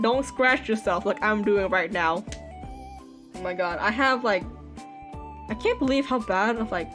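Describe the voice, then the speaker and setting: A woman livestreaming from her computer chair, ranting in a dramatic, whiny way with exaggerated wails. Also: medium pitch. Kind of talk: live-stream rant. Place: home computer setup.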